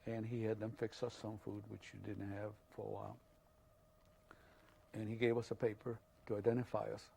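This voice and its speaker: An older man, from Hungary, telling his life story in an oral history interview, halting and full of fillers. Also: fairly low pitch, flat delivery, vocal fry, dark tone, slight background noise.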